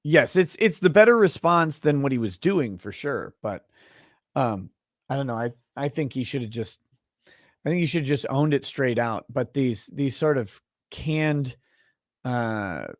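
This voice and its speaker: A man hosting a livestream, chatting casually with a guest and reading viewer comments aloud with many halting restarts. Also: mid-range voice, lively intonation, dry recording, clean studio sound. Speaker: livestream host.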